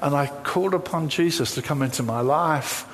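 A man's voice: fairly high pitch, moderate pace, a little hiss or hum. A man preaching a sermon, telling a personal story full of quoted dialogue. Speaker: pastor.

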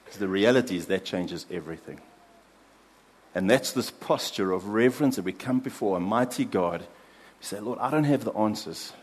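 A man preaching a sermon as pastor, earnest, dropping soft for prayers and building emphasis in lists. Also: on the low side, normal speed, husky, in a large hall.

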